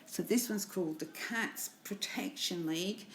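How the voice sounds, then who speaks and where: Woman, teacher, low voice, chatty, encouraging, reads poems aloud in a recorded lesson. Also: lively intonation, a little slow, a little hiss or hum. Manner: chatty, encouraging, often laughing. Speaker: primary school teacher.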